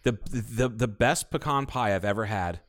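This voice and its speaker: This podcast co-host talks about baking with profane, rambling enthusiasm in an easygoing chat. He speaks at a normal pace with a fairly low pitch.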